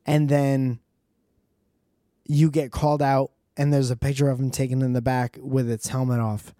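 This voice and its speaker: A man's voice: medium pitch, little pitch movement, moderate pace, mellow, dry recording, clean studio sound. A man doing a rambling, profane comedic monologue with joking asides.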